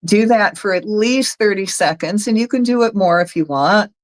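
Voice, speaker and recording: A woman's voice: mid-range voice, moderate pace, rough recording. A woman with a Southern US accent, an energy healer leading a chatty, folksy guided energy work session for viewers. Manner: chatty, folksy, talks viewers through steps.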